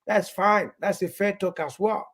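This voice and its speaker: Husky-voiced Nigerian-born man, rambling. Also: high-pitched, a little slow, a bit bright. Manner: rambling, repeats words, acts out dialogue. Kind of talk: casual chat.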